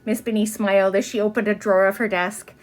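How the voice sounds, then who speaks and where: A woman reading a children's storybook aloud in an expressive way. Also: quick pace. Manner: expressive, with many pitch swings. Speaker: reader.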